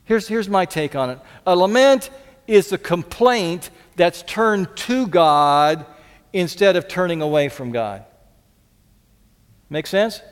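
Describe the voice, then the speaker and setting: A high-voiced man preaches a sermon as pastor, earnest and fond of repeating his key lines. He sometimes drops to a soft, pleading tone. His voice rings with the long reverb of a large hall. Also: expressive, slow pace, clear, resonant tone.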